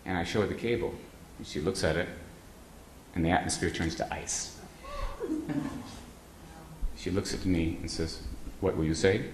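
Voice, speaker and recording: A man's voice: sits low, fairly even intonation, moderate pace, creaky, long pauses, background noise. A man speaking to a live audience, telling humorous stories in a rambling way with frequent hesitant fillers. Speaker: guest speaker. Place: meeting hall with an audience. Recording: roomy hall sound with faint ambience.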